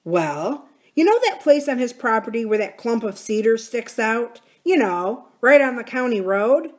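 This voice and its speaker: A woman reading aloud and voicing a tired, suspicious young farmer who talks bluntly and loudly. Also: a little high, very animated, measured pace, pitched above the performer's own voice.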